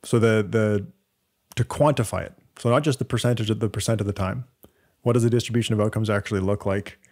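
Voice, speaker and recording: Low-voiced Canadian man explaining numbers. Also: steady tone, fast, darkish tone. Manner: explains data step by step, many fillers and restarts. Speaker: podcast co-host. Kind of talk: casual chat.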